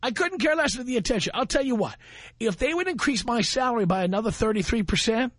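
Male radio host, high-ish voice, husky edge, brash and boastful, studio mic. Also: expressive, fast talker, a bit bright, dry recording. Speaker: radio talk show host. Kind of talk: radio talk monologue.

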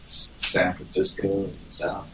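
A man's voice: sits low, completely flat delivery, measured pace, a bit bright, echoey room, rough recording. A man hosting a live show, chatting casually and rambling with many fillers. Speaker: show host. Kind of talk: casual late-night chat.

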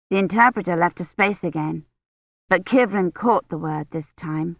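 A reader delivers the story in a steady, measured way, neither high nor low in pitch. The sound is dull and lo-fi, with a close, dry feel and no room around it. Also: vocal fry, no echo. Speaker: audiobook narrator. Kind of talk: scripted audiobook narration.

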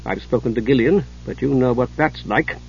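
A man's voice: mid-range voice, normal speed, creaky, dull audio, a little hiss or hum, close to an everyday voice. Man voicing a sarcastic, wary nature goddess. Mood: thoughtful. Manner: dry, sarcastic, skeptical.

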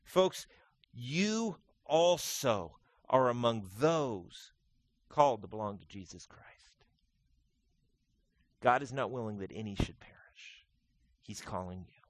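Slow-speaking male pastor preaching. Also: medium pitch, lively intonation, no room sound. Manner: swings from quiet intimate tones to loud emphatic preaching; slow deliberate delivery with repeated phrases. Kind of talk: sermon.

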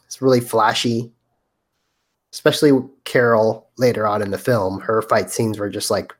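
A man co-hosting a casual movie podcast, talking in a relaxed way and checking his notes. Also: on the low side, normal speed. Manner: relaxed, reads from notes with fillers. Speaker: podcast co-host. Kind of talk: casual chat.

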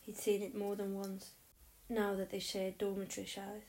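A woman narrates a story aloud in a soft, breathy voice. Her tone is mellow and warm, with a gentle, unhurried reading manner. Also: medium pitch, completely flat delivery, poor audio. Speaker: audiobook narrator. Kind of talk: reading fan fiction aloud.

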